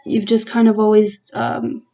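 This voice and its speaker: A woman gives a casual tarot reading in an unhurried, searching way, full of "um"s and restarts. Her voice is soft and mellow, and she sounds earnest and close to emotion. The recording is a little muffled and lo-fi. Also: a little high, flat delivery, creaky. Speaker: tarot reader.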